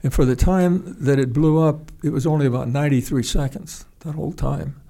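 An older man recounting an old flying incident in loose, conversational storytelling. His pitch sits a bit higher than most men's, and he circles back on his words and restarts his sentences often. He also lets rough language slip. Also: steady tone, mellow. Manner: halting, rambling, frequent restarts and salty language. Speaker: retired pilot telling a war story. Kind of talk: casual spoken storytelling.

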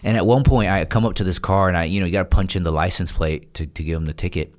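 With a deep voice and quick pace, a retired Navy SEAL shares a story as a casual podcast guest. He brings the other characters' lines to life in an animated way, laughing as he goes.

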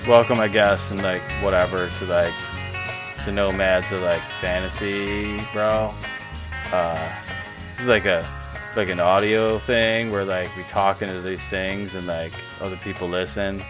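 A man's voice: low-pitched, steady tone, unhurried, over music. A man voicing a dumb, laid-back surfer dude with a spacey, drawling way of talking. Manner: drawling, spacey, filler-heavy.

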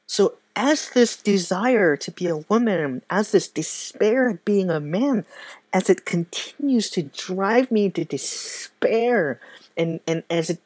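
Slow, soft-spoken woman giving testimony. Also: mid-range voice, expressive, dry recording. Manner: soft-spoken, halting and reflective. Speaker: speaker sharing a faith testimony. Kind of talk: personal testimony.

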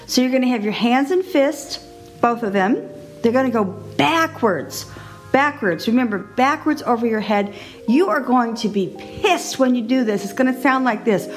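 A middle-aged woman hosting a casual solo podcast, chatty and animated, laughing often. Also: high voice. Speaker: podcast host.

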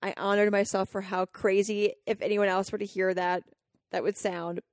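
A woman's voice: mid-range voice, level tone, moderate pace, no room sound, clean studio sound. A woman hosting a podcast, telling a personal story earnestly and emotionally, acting out her own inner dialogue. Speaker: podcast host and coach.

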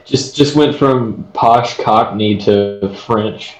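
A man's voice: lowish voice, slow, faint music behind. A man co-hosting a podcast, reacting with short replies and dry quips in casual chat. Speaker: podcast co-host. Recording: echoey, dull lo-fi mic.

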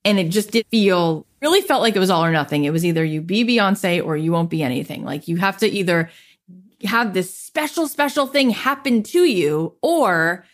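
A woman's voice: fairly low pitch, normal speed. A woman in her thirties, a podcast guest, telling her life story in an interview and acting out what people said to her. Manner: animated, acts out quoted voices in her story.

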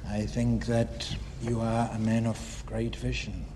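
An actor playing a menacing male villain who speaks in a measured, clipped way, heard in a film clip with music underneath. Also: mid-range voice, completely flat delivery, noisy background. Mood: menacing calm. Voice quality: measured, clipped accented delivery. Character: suave menacing male villain, cold and superior.

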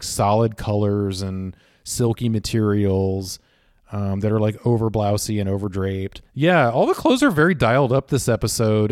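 A male podcast co-host muses analytically, thinking out loud with frequent fillers. His voice sits somewhat low. It is recorded dry and close, with no room echo. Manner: thoughtful, lots of fillers, analytical about costumes. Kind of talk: casual podcast discussion.

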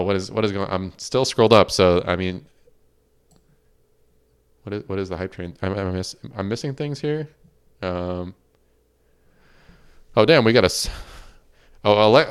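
A man's voice: fairly low pitch, normal speed, pauses often, clear, resonant tone. A man hosting a livestreamed podcast in casual chat, reading out viewer questions and laughing often. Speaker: podcast host.

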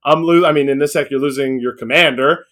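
A man's voice: medium pitch, fairly quick, fairly bright tone. A young man co-hosting a casual card game chat, rambling and opinionated. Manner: rambling, opinionated, frequent restarts and laughs. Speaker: card game podcast co-host.

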